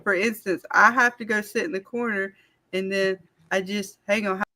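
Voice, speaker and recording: Woman host of a casual live stream, lively and rambling, quick to laugh. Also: mid-range voice. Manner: animated, laughing, rambling with many fillers. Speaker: channel host.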